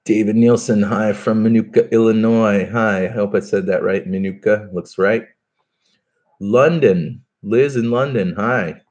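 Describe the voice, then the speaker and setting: A man's voice: on the low side, a little slow, darkish tone. A man hosting a live stream, chatting casually and reading out viewer comments, with plenty of fillers and restarts. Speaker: podcast host doing a live stream.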